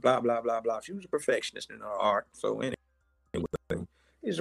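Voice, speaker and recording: A gravelly-voiced man spins a casual story and acts out what each person said. The sound is dry and close. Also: mid-range voice, normal speed, no room sound, soft background music. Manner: animated storyteller acting out quotes. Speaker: guest storyteller. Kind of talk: casual anecdote telling.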